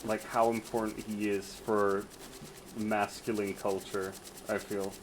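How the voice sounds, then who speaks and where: A man's voice: lowish voice, level tone, a little slow, background noise. A man streaming a game, chatting casually with crude, teasing banter and frequent laughter. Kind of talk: casual chat while gaming.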